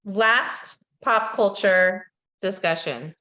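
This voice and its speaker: A woman's voice: medium pitch, drawn-out words, pushed and bright. A woman hosting a podcast, chatting casually and animatedly about pop culture, with plenty of gossip and giggles. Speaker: podcast host.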